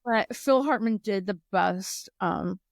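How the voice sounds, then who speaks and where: This co-host keeps things chatty on a laid-back podcast, laughing a lot while telling stories and jumping in pitch to quote others. Her voice is creaky. The studio-quality audio has no echo.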